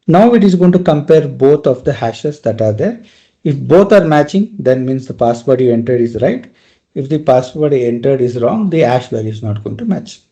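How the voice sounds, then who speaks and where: A man's voice: mid-range voice, animated, normal speed, mellow. A male trainer giving a live technical lecture, explaining step by step and often checking in with "right?".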